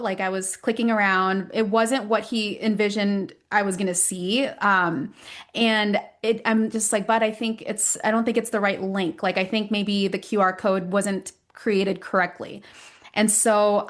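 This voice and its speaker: Parenting podcast mom, chatty and animated, normal mid pitch, acts out her kid's lines. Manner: animated storyteller, acts out quotes with rising pitch. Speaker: podcast co-host. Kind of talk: casual parenting podcast chat.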